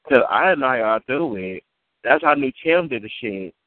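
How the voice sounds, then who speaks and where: A man on a community call rambles through a casual story, cursing and repeating himself. His mid-range voice has lively intonation at normal speed, coming over a tinny, phone-like, dry line.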